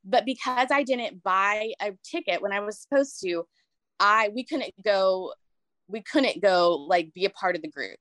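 A woman's voice: mid-range voice, a little slow, fairly bright tone, dry recording. A woman in casual chat, telling a personal story in a rambling, emotional way with many restarts. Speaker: guest sharing a story.

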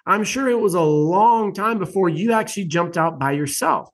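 A man's voice: sits high, moderate pace. A male podcast host talking casually, blunt and profane, jumping into mock quotes as he argues a point. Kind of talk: casual interview chat.

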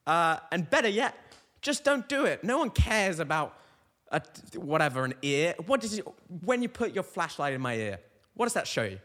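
A young male stand-up comedian delivering a rambling, deadpan comic monologue that trails off and restarts mid-thought. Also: fairly high pitch, moderate pace. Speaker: stand-up comedian, podcast host.

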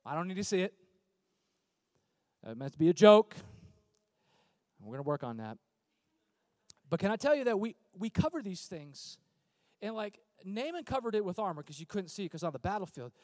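Animated high-voiced male pastor preaching. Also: moderate pace, pauses often, dry recording. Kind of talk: sermon.

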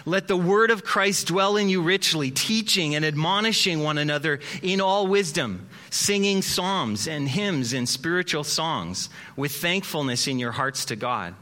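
A male pastor preaching a sermon in an animated, conversational way with dramatic pauses. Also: on the high side.

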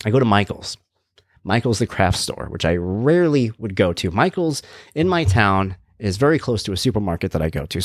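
A man's voice: on the low side, no room sound. A man in his thirties hosting a podcast, telling a casual, self-mocking story and acting out the voices he quotes. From Long Island, New York. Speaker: podcast host.

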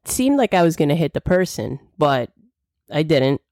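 A woman's voice: low voice, very animated, normal speed, dark tone, no echo, clean studio sound. A young woman hosting a solo podcast, chatting casually and acting out the dialogue of her stories. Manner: chatty storytelling, acts out quoted dialogue. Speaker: podcast host.

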